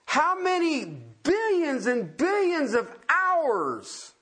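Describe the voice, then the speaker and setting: A man's voice: very high-pitched, sing-song, takes it slowly, sharp tone. A man preaching a sermon in a folksy, emphatic way, firing off rhetorical questions and repeating key words.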